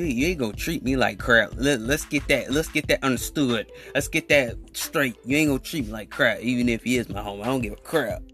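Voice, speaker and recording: A young man hosting a podcast, telling a rambling, animated story in casual slang and acting out what people said. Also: mid-range voice. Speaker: podcast host.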